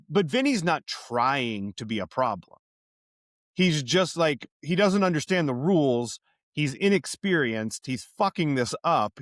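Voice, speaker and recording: Animated man chatting about a movie. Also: mid-range voice, dry recording, studio quality. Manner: animated, swears casually, drops into impressions. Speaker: podcast co-host. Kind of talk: casual movie chat.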